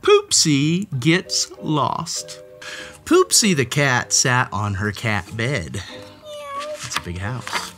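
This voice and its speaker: Faint music plays behind a woman reading a picture book to children in a bass voice that swings widely in pitch. Slow and fairly bright, she stays playful and theatrical, gasping, exclaiming and chatting with the character.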